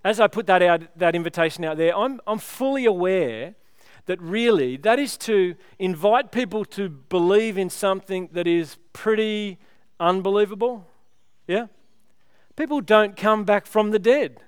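A man's voice: high voice, measured pace, clear, resonant tone, dry recording, studio quality. A man preaching a sermon, chatty and joking with the congregation. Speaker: pastor.

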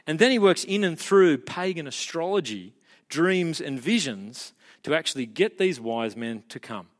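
Man, pastor, sermon, animated storytelling, fairly high voice, long church-hall reverb. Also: normal speed. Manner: animated storytelling, rising to emphatic peaks.

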